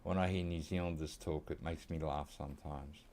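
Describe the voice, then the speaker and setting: A man's voice: a bass voice, fairly even intonation, normal speed, a little mellow. An Australian man rambling casually while he plays a hunting game, drifting into side chat. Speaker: gaming channel host. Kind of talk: casual gameplay commentary.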